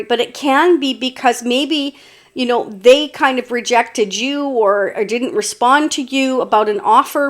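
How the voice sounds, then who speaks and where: A woman with a fairly high voice talks through a tarot spread for her viewers. She rambles in a loose, conversational way, full of "like" and "you know," often restarting her sentences. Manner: chatty, meandering, many fillers and restarts. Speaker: tarot reader. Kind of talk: casual tarot reading to camera.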